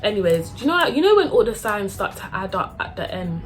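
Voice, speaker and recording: A young woman telling a casual, animated storytime full of slang and acted-out voices. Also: medium pitch, fast, soft background music. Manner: animated, slangy, acts out everyone's lines.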